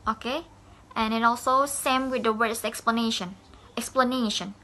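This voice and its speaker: A woman's voice: fairly high pitch, steady tone, moderate pace, sharp tone. A woman student giving a classroom presentation, hesitant, with fillers and self-corrections.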